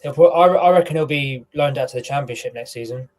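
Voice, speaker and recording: A man's voice: mid-range voice, fast, a little mellow, low-quality recording. A man on a football fan panel, gloomy and hesitant, full of ums. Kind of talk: casual fan show chat.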